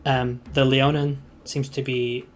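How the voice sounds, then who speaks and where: Slow, hesitant male game master. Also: medium pitch, little pitch movement. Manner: hesitant, filler-heavy narration. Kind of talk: narrating a tabletop game.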